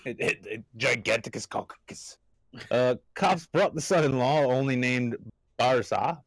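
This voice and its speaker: A man's voice: mid-range voice, no echo. Man, comedy podcast host, irreverent news reading, laughs often, trips over names, dry sound.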